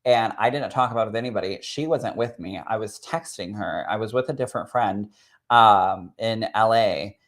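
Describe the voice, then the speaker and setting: A man, a spirit medium, sharing a personal story in an expressive, chatty way that swells with emotion. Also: lowish voice, moderate pace. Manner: expressive and chatty, full of "like" and "literally".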